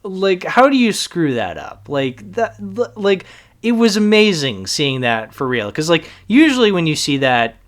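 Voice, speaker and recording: Animated man chatting about cartoons. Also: sits high, unhurried. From Boston. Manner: animated, laughs often, quotes lines in put-on voices. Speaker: podcast host. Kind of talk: casual chat. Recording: lawn mower hum in background.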